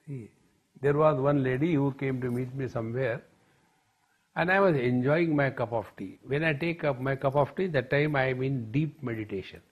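A man's voice: medium pitch, normal speed, breathy edge, lo-fi sound. A man giving a spiritual discourse as a teacher, telling stories in a playful way and often addressing the audience as friends.

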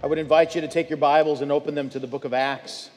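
A pastor preaching a sermon, telling personal stories in a conversational way with many fillers and restarts. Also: male voice, a little high, level tone, quick pace, faint music behind. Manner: conversational storytelling with frequent fillers. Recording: long church hall reverb.

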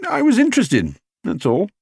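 A man's voice: sits high, huge pitch swings, normal speed, vocal fry, darkish tone, breathy edge, dry recording, clean studio sound, pitched above the performer's own voice, full character voice. A man voicing an earnest middle-aged father in an audiobook reading, a little vague and hasty in manner.

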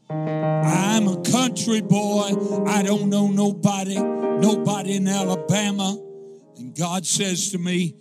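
A pastor telling a folksy, humorous testimony that rises into fervent preaching. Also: male voice, sits high, fairly even intonation, slow, over loud music. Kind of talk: storytelling sermon.

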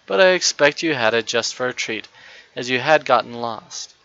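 A big, kind workman with a hearty way of talking, as a male reader gives him voice. The voice is bright, and the sound is dry and slightly dull. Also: mid-range voice, expressive, normal speed, creaky. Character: big kind working man with tools.

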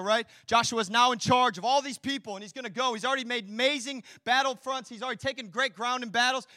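A man preaching a sermon as pastor, swinging between hushed, intimate lines and loud, rousing ones, with chatty asides and rhetorical questions. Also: very high voice, no echo, clean studio sound.

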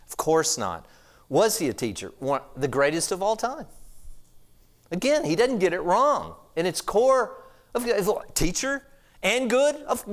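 Man, pastor, sermon, middle-aged, American, smooth clear voice, slightly high, chatty storytelling. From United States. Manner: storytelling, conversational and animated.

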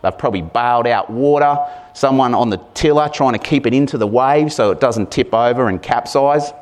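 A man preaching a conversational sermon, animated and chatty, often asking the congregation questions. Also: medium pitch.

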